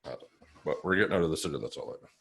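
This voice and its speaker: Very deep-voiced casual man. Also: expressive, racing, vocal fry, fairly bright tone. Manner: loose, rambling, swears a lot. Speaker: podcast host. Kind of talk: casual chat.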